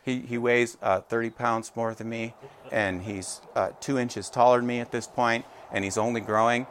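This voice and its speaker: A man in his forties gives a sermon in a lively, talkative manner, turning to his listeners again and again. His voice sits at an ordinary middle pitch. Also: moderate pace, slight background noise. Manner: animated, conversational, checks in with listeners.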